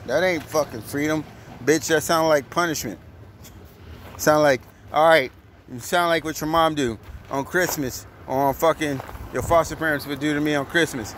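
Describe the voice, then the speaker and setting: A man's voice: a little high, normal speed, a bit bright. A man ranting bluntly and with a lot of swearing in a casual monologue, as a truck driver filming himself at a truck stop. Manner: blunt, profane, heated. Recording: outdoor traffic noise.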